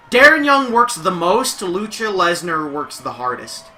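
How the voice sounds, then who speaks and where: Excitable young man calling game wrestling. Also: on the high side, a little hiss or hum. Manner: energetic, shouting at big moves. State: losing his voice a little. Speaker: play-by-play commentator.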